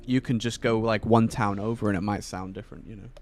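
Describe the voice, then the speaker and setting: A man's voice: fairly low pitch, fairly even intonation, a little fast, soft background music. Rambling man streaming a game. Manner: rambling, many fillers and restarts. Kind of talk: casual chat while gaming.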